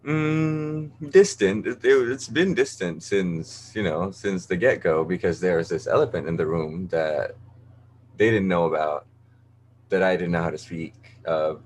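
A man's voice: low-pitched, unhurried, a little hiss or hum. A man, telling his personal story openly, often restarting and swearing casually. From Malaysia. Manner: open, emotional, many restarts, swears casually. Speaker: guest.

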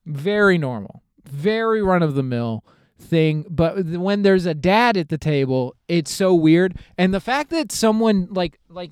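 A man's voice: fairly high pitch, darkish tone, clean tone, dry recording, clean studio sound. Rambling, profane young man. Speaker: podcast host. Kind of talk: comedic storytelling.

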